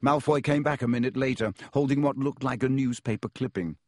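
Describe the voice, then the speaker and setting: A man narrating a children's fantasy novel as an audiobook, in a measured, even storytelling manner. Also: medium pitch, no room sound, clean studio sound.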